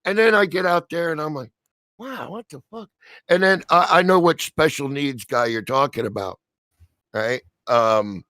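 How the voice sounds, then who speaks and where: A man telling a story in casual chat, swearing freely and loudly acting out the lines of the people in it. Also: fairly high pitch, normal speed, no echo. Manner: profane, animated storyteller acting out quotes loudly.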